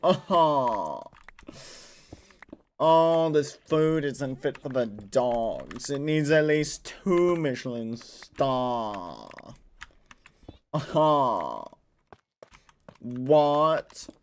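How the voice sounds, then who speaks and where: A man voicing a snobby rich male restaurant critic with a drawn-out, posh, snooty accent. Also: mid-range voice, sing-song, exaggerated voice. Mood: disdainful.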